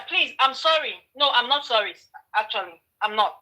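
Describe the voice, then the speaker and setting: Woman, commentary host, argumentative, stumbling restarts, high-pitched. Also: animated, normal speed, sharp tone, low-quality recording. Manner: argumentative, rhetorical questions, frequent restarts. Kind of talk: opinionated commentary monologue.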